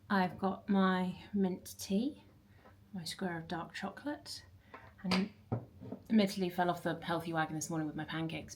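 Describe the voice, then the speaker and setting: A woman's voice: lowish voice, noisy background. Candid chatty woman vlogger. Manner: candid, rambling, with many fillers. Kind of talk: casual chatty vlog. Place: her flat, indoors.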